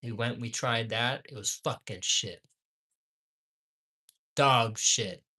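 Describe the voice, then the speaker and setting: Ranting with plenty of swearing, a man critiques fast food, hurling the same insults again and again as he shifts between grumbling under his breath and bellowing.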